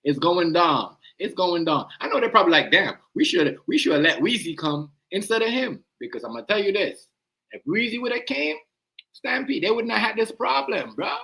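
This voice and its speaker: A man's voice: high voice, sing-song, moderate pace, vocal fry, bright, forceful tone, low-quality recording. A man hosting a live stream, rambling in casual slang and often asking "you know what I mean".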